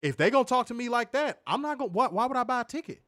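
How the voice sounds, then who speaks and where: A man's voice: very high-pitched, lively intonation, rapid-fire, fairly bright tone, no echo. Podcast co-host, male, angry profane rant, dry close sound. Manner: profane, fiery, repetitive rhetorical questions. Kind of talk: heated ranting commentary.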